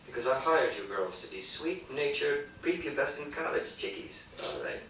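A man's voice: fairly high pitch, lively intonation, normal speed. A man emceeing in a comedy club, doing crude, rambling, self-mocking stand-up that jumps between bits. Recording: echoey club, heard from far off, faint hiss.

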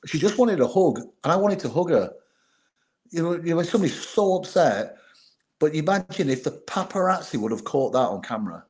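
A man's voice: on the high side, sing-song, fairly quick, a little mellow. A middle-aged man, a former bodyguard, telling stories in an interview, acting out old conversations and often restarting his sentences. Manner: anecdotal, retells dialogue, frequent restarts. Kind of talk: storytelling interview.

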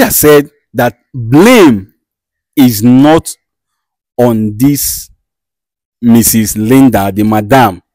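A man's voice: mid-range voice, a little mellow, no echo, lightly acted, low-quality recording. A man playing a patient interpreter. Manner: slow, deliberate interpreting with repetitions. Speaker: interpreter for the diviner.

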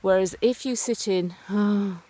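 Here a middle-aged vlogger talks to the camera during a walk, her voice sitting low with lively intonation, a little mellow and slightly rough, never hurried. The setting is a rural lane beside a stream, recorded on a phone or camera she carries. She comes across as earnest, upbeat, and chatty, with many fillers.

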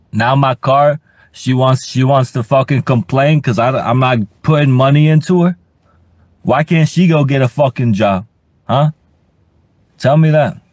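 Young man, livestream rant, cursing, stammering, repeats himself, dry close sound. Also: no room sound. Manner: profane and rambling, stutters and repeats himself; bursts into high-pitched shouting. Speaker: livestream host.

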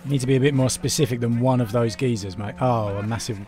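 A man's voice: mid-range voice, steady tone, fast, music in the background. A man hosting a casual let's-play, chatting and teasing his friends as he plays. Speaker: gaming channel host.

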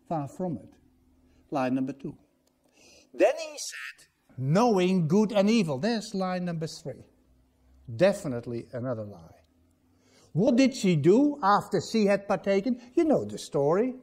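A man's voice: a little high, darkish tone. A man preaching a sermon as pastor in a church, emphatic and putting rhetorical questions to the congregation.

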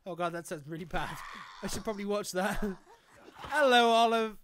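A man giving excitable live gameplay commentary, swearing and laughing often. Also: sits high, fairly quick, background noise. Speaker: game streamer.

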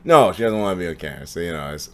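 A young man streaming casually from his apartment, tipsy after drinks, talking loosely and profanely, jumping between loud outbursts and low mumbles. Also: animated, rapid-fire. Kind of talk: casual live-stream chat. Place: home apartment.

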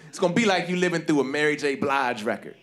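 A man doing a stand-up comedy routine on stage, talking in an animated way and jumping into high-pitched voices to act out people. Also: normal speed. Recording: live show with audience laughter. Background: audience laughter.

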